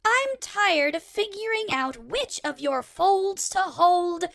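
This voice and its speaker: A whiny, spoiled young princess squeals at a very high pitch with a gravelly, crackling edge. She drags out her complaints slowly and indignantly. The sound is dry and close, with no room around it. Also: lively intonation, fairly bright tone, no room sound, heavily acted. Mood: scolding. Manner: shrill and indignant. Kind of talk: audiobook character acting.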